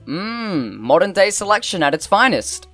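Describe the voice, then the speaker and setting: Animated, sarcastic woman host. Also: medium pitch, normal speed, no room sound, soft background music. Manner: animated, exaggerated reactions, sarcastic asides. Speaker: host and narrator. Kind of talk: reading funny posts aloud with commentary.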